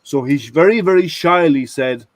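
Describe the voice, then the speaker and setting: A man's voice: fairly high pitch, moderate pace, no room sound. A man in casual group conversation, telling rambling workplace stories with many restarts. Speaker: IT product manager at a software company. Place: online video hangout.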